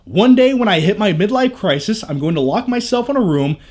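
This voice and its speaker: A man's voice: sits high, animated, fairly quick, darkish tone. A young man chatting casually on a movie review vlog, candid and jokey, with crude asides.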